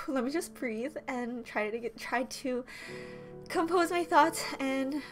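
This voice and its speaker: A woman's voice: high voice, slow pace, over music. A young woman vlogging to her viewers, emotional and tearful, rambling and restarting her sentences as her voice breaks. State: teary, voice breaking. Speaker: YouTuber. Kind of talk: emotional vlog talk to camera.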